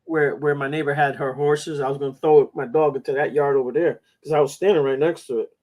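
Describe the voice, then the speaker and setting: A man's voice: fairly high pitch, fairly even intonation, fast, dull audio. Rambling, profane male storyteller. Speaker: podcast host. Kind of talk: casual chat.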